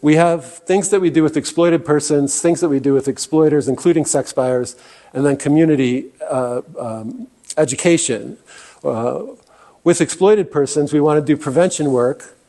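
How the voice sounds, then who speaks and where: A man's voice: on the high side, moderate pace, warm tone. A man giving a presentation talk as guest speaker, earnest and often restarting with fillers. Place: meeting room.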